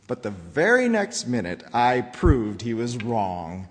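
Guy preaching in church, reads a rhyming story out slow and sing-songy, lots of hall echo. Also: mid-range voice. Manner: expressive, rhythmic reading. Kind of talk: sermon with storybook reading.

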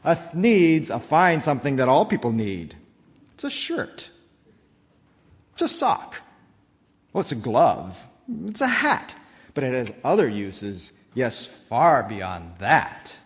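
A man's voice: medium pitch, slow pace, in a large hall. A man reading as a brash greedy businessman. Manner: storybook reading with lively rhymes.

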